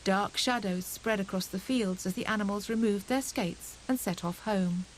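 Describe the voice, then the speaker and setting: A woman narrating a children's storybook audiobook in a gentle, expressive storytelling manner. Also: medium pitch, normal speed, slight background noise, poor audio.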